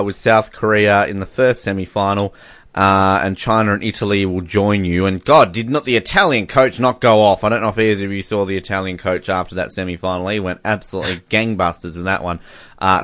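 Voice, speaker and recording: A man's voice: fairly low pitch, steady tone, brisk, fairly bright tone, clear, resonant tone, no echo. A man from Australia casually reading sports results on a podcast. He jokes, laughs often and stumbles over foreign names. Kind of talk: casual chat.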